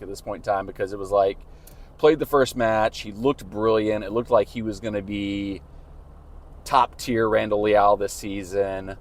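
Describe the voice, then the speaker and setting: Chatty low-voiced man vlogging. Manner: chatty, rambling with frequent "like" fillers. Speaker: vlogger host. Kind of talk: casual match-day vlog. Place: outdoors around town.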